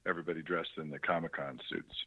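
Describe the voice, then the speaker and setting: A middle-aged man, a guest actor calling in to a radio show, chatting in a halting way with lots of fillers and restarts. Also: very deep voice, steady tone, sharp tone, slightly rough. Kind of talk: phone interview on a radio show. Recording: muffled phone line.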